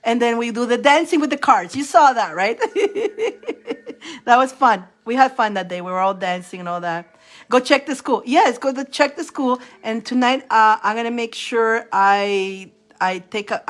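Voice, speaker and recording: A woman's voice: mid-range voice, a bit bright. A woman on a livestream giving tarot readings, chatting casually and often breaking into fits of laughter. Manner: chatty, rambling with restarts.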